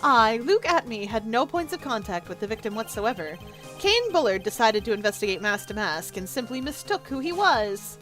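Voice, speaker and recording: A woman reading a male witness in a courtroom game, giving measured, formal testimony. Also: fairly high pitch, sing-song, fairly bright tone, soft background music. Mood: composed.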